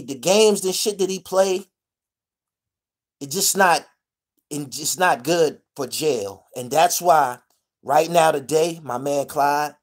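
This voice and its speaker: A man from the Pittsburgh area telling a casual vlog story in profane street slang, rambling and restarting, checking in with "you dig?". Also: fairly high pitch. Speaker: vlogger telling prison stories.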